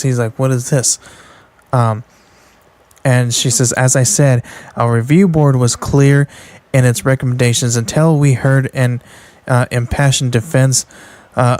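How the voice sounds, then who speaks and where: Rambling man recapping comics, flat voice. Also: medium pitch. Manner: rambling, with many fillers and restarts, reading out panels. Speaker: podcast host reviewing comic books. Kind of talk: casual comic book recap.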